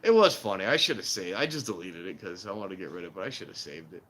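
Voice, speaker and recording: A man hosting a casual trainspotting stream, rambling and animated, acting out the voices of people he quotes. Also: low-pitched, fast. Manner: warns viewers against scams. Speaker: railfan livestream host. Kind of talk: casual chat while filming trains.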